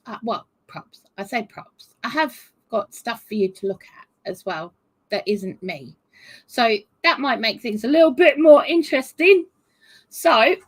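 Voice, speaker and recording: A woman's voice: high-pitched, poor audio. A woman hosting a live stream about self-reliance, chatting casually with her viewers and warning that her speech may stutter today. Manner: chatty, greets viewers warmly by name. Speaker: host of a self-reliance channel.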